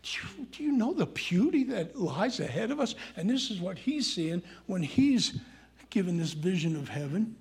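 A man delivers a folksy, conversational sermon, breaking off from scripture to ask his congregation questions. His voice sits high for a man and has a husky, slightly rough edge. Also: very animated, moderate pace, a little mellow. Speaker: pastor.

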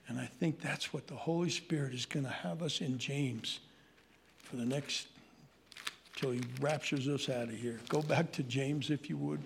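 An older man with a New York accent, preaching a sermon in an animated, joking way that turns into rants. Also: medium pitch, normal speed, vocal fry, slight background noise. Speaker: pastor.

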